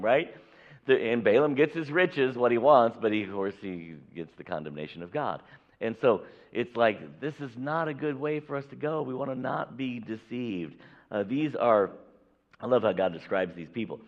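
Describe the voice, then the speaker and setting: A man's voice: lowish voice, lively intonation, moderate pace. A man preaching a sermon from a church pulpit, talking emphatically and acting out the people in a Bible story. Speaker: pastor. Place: church sanctuary. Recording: echoey hall, dull lo-fi audio.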